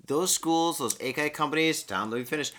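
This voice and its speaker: A man's voice: fairly high pitch, brisk. A man reacting in casual chat with joking, profane remarks, calling his friend dude. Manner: loud, joking reactions, swears, says dude a lot. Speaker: podcast co-host.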